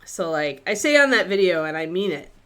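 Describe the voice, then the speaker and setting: While painting miniatures on a live stream, a woman thinks out loud in a relaxed, chatty manner. Her bright, clear voice moves up and down a lot in pitch, and she talks a little fast.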